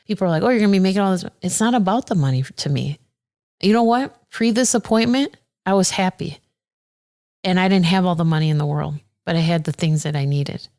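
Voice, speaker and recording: A woman who is a circuit judge, talking earnestly and warmly as a podcast guest, getting animated when she quotes people. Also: lowish voice, brisk. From Aurora, Illinois. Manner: earnest and heartfelt, animated when quoting others. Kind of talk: casual interview conversation.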